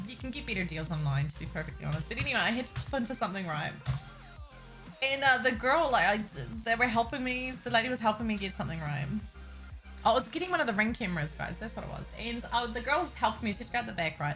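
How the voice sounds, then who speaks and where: Young woman, New Zealand accent with an American tinge, chatty and giggly, a bit high-pitched, faint music behind. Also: fairly bright tone, rough recording. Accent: New Zealand, slightly Americanized. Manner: chatty, giggly, addresses chat directly. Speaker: streamer. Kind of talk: casual live-stream chat while playing.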